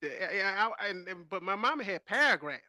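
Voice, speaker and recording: A man co-hosts a chatty podcast, telling stories with plenty of laughter. His voice sits high and swings widely in pitch, with a very bright, forceful tone. The sound is dry and close. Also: brisk, no echo. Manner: laughs often, animated storytelling. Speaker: podcast co-host. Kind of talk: casual chat.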